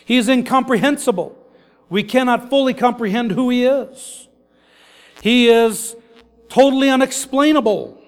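A man's voice: very high voice, moderate pace, long reverb tail. A man preaching a sermon as pastor, earnest and repetitive, building his points in lists.

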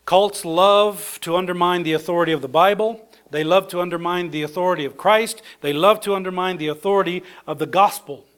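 A man preaching a sermon, conversational, swinging between soft low asides and excited high bursts. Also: brisk, hardly any pauses, smooth.

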